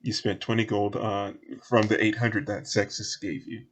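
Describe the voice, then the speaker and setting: A man's voice: on the low side, level tone, moderate pace. A man with a Southern US accent, narrating casually as game master and laughing between lines.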